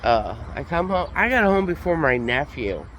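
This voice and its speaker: A man's voice: fairly high pitch, sing-song, moderate pace, a bit bright, a little hiss or hum. A man with a congested, stuffy voice, telling a story in a casual, chatty vlog. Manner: chatty, recounts conversations as he tells them. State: congested, sick with a cold. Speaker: vlogger.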